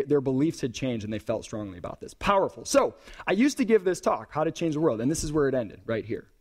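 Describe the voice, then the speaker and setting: A man giving a live conference talk in a hall, animated and joking with the audience between points. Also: mid-range voice, brisk, breathy edge. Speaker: conference speaker.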